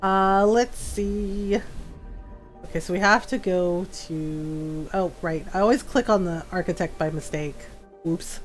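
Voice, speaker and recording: A woman's voice: fairly low pitch, measured pace, soft background music. A woman chatting casually while live-streaming a game, full of fillers and laughs.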